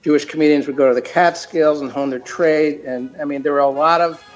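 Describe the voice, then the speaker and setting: An older man, a cartoon creator and guest, telling stories in a casual chat, halting with many fillers. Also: a little high, fairly even intonation, dull audio, faint music behind.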